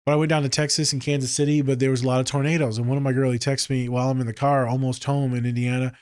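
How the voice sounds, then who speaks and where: A man who works as a therapist, hosting a casual podcast and telling stories in a profane, joking way, swinging between low mutters and sharp high exclaims. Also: flat delivery, racing, clean tone, dry recording, studio quality. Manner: profane, joking, with frequent swearing.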